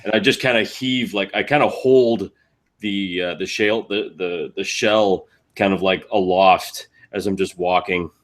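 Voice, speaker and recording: A man's voice: low-pitched, fairly even intonation, a little slow. A man playing a tabletop game, describing his actions in a hesitant, rambling way. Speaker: player. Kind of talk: casual tabletop role-play.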